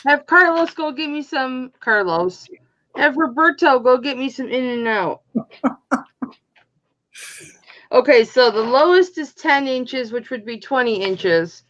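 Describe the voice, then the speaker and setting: A woman's voice: sits high, expressive, takes it slowly, long pauses, fairly bright tone, muffled recording. A woman hosting a live online jewelry auction, chatting casually and calling out bidders by name as she counts down the bids. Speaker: auction host.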